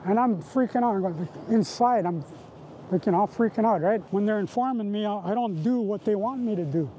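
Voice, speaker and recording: In poor audio with a little hiss or hum, a Canadian man speaks fairly quickly in a high-pitched voice with a dark tone. He's a residential school survivor giving testimony for a documentary, recounting past events in vivid present tense and repeating phrases.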